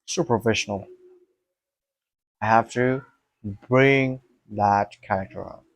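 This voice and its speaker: A man's voice: fairly low pitch, slow, no echo. A young man vlogging to his camera, thinking aloud in an emphatic, rambling way, repeating himself and swearing.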